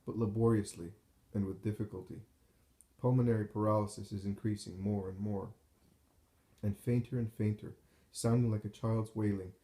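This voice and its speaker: A man reading a devotional text aloud in a slow, solemn, measured way, recorded in a roomy space with echo. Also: on the low side, warm tone. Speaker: narrator.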